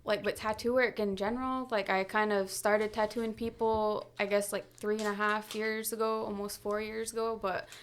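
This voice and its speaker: A woman's voice: mid-range voice, flat delivery, moderate pace, few pauses, slight background noise. A woman tattoo artist talking casually as a podcast guest, with lots of "like" and "um" fillers. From Canada/US Mohawk territory. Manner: laughs often, many "like" and "um" fillers. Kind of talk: casual chat.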